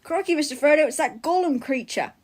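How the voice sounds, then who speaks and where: A woman's voice: high-pitched, a little fast, pitched above the performer's own voice, close to an everyday voice. A woman doing a chirpy Australian-style hobbit guy. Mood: excited. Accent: put-on Australian. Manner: exclaiming, bouncy, playful.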